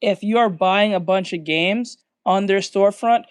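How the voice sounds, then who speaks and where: A man's voice: high-pitched, normal speed, smooth, no room sound. Rambling man reacting, dry close sound. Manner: rambling, profane, restarts his sentences. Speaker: reaction channel host. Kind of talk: casual reaction commentary.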